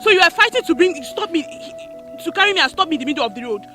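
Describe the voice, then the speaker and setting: A sharp, high Nigerian voice scolds a bike rider, words tumbling out fast. Faint music plays under the dialogue. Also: female voice, expressive, exaggerated voice. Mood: irritated. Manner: scolding, impatient, Nigerian Pidgin mixed in. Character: impatient young woman passenger on a bike. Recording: film audio with music underneath.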